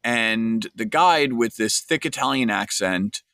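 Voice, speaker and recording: A man's voice: medium pitch, animated, slow, bright, forceful tone, no echo. A man in a mid-range register talks through a podcast episode in a loose, conversational way. He tells an anecdote with wry humour, then moves into casual commentary. The recording is dry and close, with no room sound. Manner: conversational, wry, with fillers and restarts. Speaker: podcast host.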